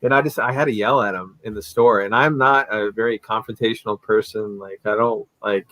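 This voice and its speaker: A man's voice: fairly low pitch, fairly quick, no room sound, low-quality recording. A man guesting on a livestream, telling a story in casual chat and acting out the people in it. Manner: animated storyteller who acts out the people in his stories. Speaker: livestream guest, collectibles seller.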